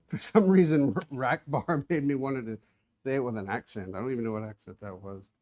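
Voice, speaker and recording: Male streamer, mid-pitched, easygoing running commentary while he works, drifts around the room. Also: a little fast, darkish tone. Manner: chatty, narrating his own hands-on tasks, moving around the room. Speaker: livestream host. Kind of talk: casual live-stream chat while working. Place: indoor room with carpeted floor.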